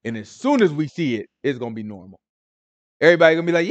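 A man with a fairly high voice teaches a Bible study in relaxed, slangy conversation. He is animated and keeps turning to his listeners with quick questions. The sound is close and dry, with no room around it. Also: dry recording, dull audio.

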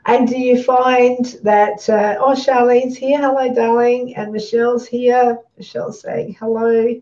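A woman hosting a casual live-stream interview, chatty and croaky, trying not to cough, greeting viewers as she goes. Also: a little high, level tone, unhurried, warm tone. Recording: muffled, distant live-stream audio.

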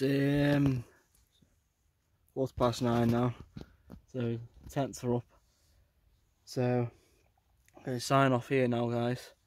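A man's voice: mid-range voice, darkish tone, no room sound. A man vlogging casually outdoors on a windy coast, chatting and rambling with plenty of fillers into a handheld camera. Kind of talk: casual vlog chat.

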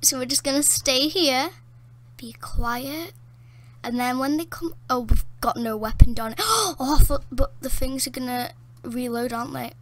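A woman giving casual gameplay commentary from a dark room at home, excitable, often gasping, laughing and exclaiming. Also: high-pitched, normal speed.

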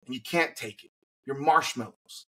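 A man's voice: medium pitch, normal speed, bright, forceful tone, slightly rough, rough recording. A man co-hosting a sports podcast, ranting bluntly and with profanity in an indignant tone. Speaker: podcast co-host. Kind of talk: heated sports opinion rant.

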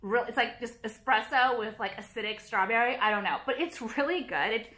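High bright-voiced woman ranting casually. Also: lively intonation. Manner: fast, profane, dramatic rants with constant "like". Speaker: beauty vlogger. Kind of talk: casual chat to camera. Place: at home.

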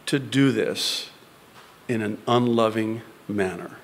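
A male pastor preaching a sermon to a congregation in a church, moving from loud, high-pitched exhortation down to soft whispers. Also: takes it slowly, long reverb tail, slight background noise. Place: church before a live congregation.

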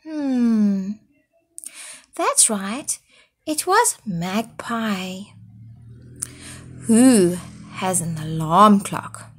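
A woman's voice: mid-range voice, slightly rough. A woman primary school teacher reading a storybook aloud to young children, then asking them questions about it. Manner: slow, expressive read-aloud with quiz questions.

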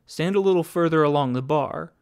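A man's voice: a little high, a little fast, smooth, dry recording, studio quality, lightly acted. A man voicing a hired gunman who gives clipped, bossy orders. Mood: curt. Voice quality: clipped, commanding.

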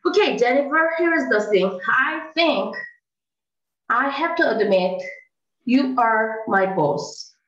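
A woman doing an indignant, dramatic coworker, high voice, swooping pitch, roomy dull online audio. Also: lively intonation, slow pace, a bit bright. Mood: conciliatory. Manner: dramatic, indignant, bursts into mock crying. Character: indignant woman coworker passed over for promotion. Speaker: improv performer. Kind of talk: improv scene. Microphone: online call.

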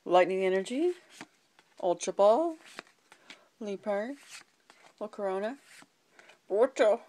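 A woman's voice: medium pitch, animated, slow, pauses often, darkish tone. A woman hosting a card unboxing video, calling out each card name one by one and sometimes dropping to a whisper. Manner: calls out card names one by one, slips into whispering. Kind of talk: card pack opening, listing cards.

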